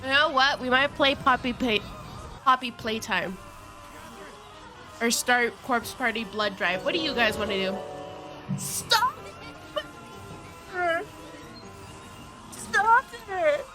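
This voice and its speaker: A woman's voice: fairly high pitch, unhurried, long pauses, over music. A woman streaming a game live, chatting casually with her viewers in a giggly, flustered way and laughing often.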